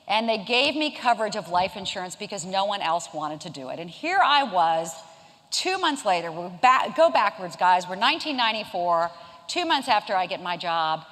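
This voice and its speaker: A woman in her fifties from South Carolina tells a lively story in a keynote talk. Her voice jumps around a lot in pitch, and she mixes humor with a chatty delivery. The sound carries a long reverb from a lecture hall. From Charleston, South Carolina. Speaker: keynote speaker. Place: event hall.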